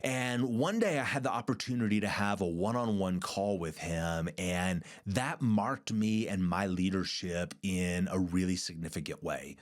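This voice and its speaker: Man, middle-aged, fairly low voice, earnest emphatic storytelling, podcast host. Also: unhurried, few pauses. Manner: earnest, emphatic, repeats words for stress. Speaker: podcast host and church leader. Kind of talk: storytelling monologue.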